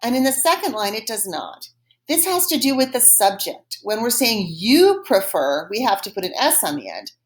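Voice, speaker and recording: Woman, French teacher, slow clear modeling of phrases, encouraging, lively pitch, fairly high voice. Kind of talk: recorded language lesson.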